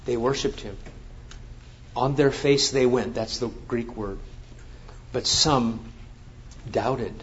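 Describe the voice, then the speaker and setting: A man's voice: medium pitch, takes it slowly, long pauses, a little hiss or hum. A man preaching a sermon, reading scripture and then explaining it with emphatic, rising exclamations. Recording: dull lo-fi sound.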